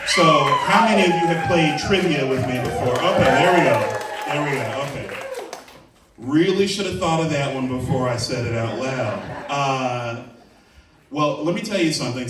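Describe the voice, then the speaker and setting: A man doing a stand-up comedy set as a comedian and trivia host, rambling, profane and self-deprecating, working the crowd. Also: medium pitch. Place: comedy venue with a live audience. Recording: roomy venue mic from a distance, crowd noise. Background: audience laughter.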